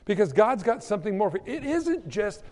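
Male pastor, high and animated delivery, echoing hall, storytelling sermon. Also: fairly quick. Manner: storytelling with quoted voices and asides.

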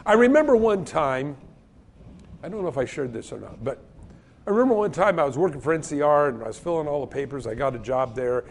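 Quick-paced, creaky, and fairly high in pitch, a pastor delivers a sermon. His storytelling is animated, and he performs the quoted voices of the characters.

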